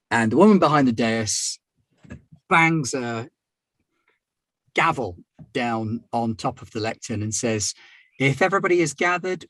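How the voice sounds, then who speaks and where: Dry wry game master. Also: male voice, medium pitch, no room sound. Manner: matter-of-fact, wry asides. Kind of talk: narrating a tabletop game.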